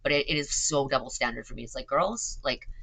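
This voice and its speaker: A woman's voice: extremely low pitch, a little fast, a bit bright, husky, low-quality recording. A woman, rambling on stream in casual chat, swearing and filling gaps with "like" and "um". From Canada. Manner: chatty, swears a lot, filler-heavy.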